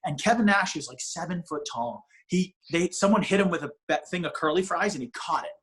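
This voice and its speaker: A man's voice: high-pitched, brisk, a bit bright. A male comedian telling a long, rambling, self-mocking story in a casual interview, swearing freely and restarting his sentences. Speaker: comedian guest.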